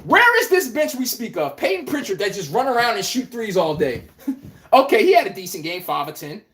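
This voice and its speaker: A woman's voice: on the high side, very animated, a little fast, fairly bright tone. A woman hosting a live sports talk show, brash and emphatic, full of slang, calling out viewers by name as she argues her picks. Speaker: sports podcast host.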